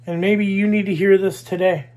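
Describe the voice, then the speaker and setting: A man preaching a sermon, slow and emphatic, repeating key phrases. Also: high voice, little pitch movement, a little mellow. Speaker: pastor.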